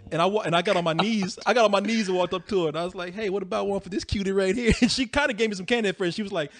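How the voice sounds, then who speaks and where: A man's voice: high-pitched, very fast, a bit bright, slight background noise. A man with a Texan accent telling a funny story in a casual podcast chat, laughing often. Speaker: podcast co-host.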